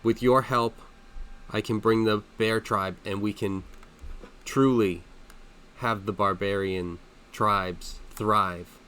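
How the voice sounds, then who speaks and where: A man's voice: on the low side, fairly even intonation, slow pace, sharp tone, clear, resonant tone. Man playing an earnest tiger-tribe barbarian.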